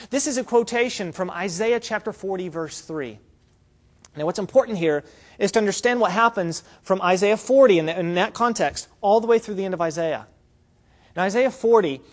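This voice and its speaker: A man preaching a sermon, explaining scripture in an earnest, emphatic way. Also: high-pitched.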